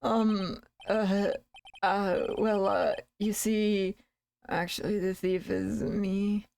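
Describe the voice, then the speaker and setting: A woman voicing a nervous young man who talks haltingly and stammers. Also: mid-range voice, level tone, vocal fry, a little mellow, a little hiss or hum.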